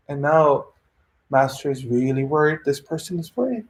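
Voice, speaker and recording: A man preaching at a weekly gathering, his speaking voice sitting a little higher than most men's. He tells a moral tale in a conversational, animated way, turning to his listeners with quick asides. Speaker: religious teacher. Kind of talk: storytelling sermon.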